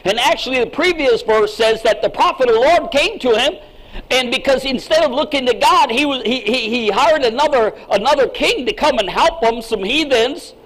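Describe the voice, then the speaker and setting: A man preaching a sermon as pastor, emphatic, with sudden swings in pitch and loudness and frequent repeated words. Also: expressive, normal speed, poor audio.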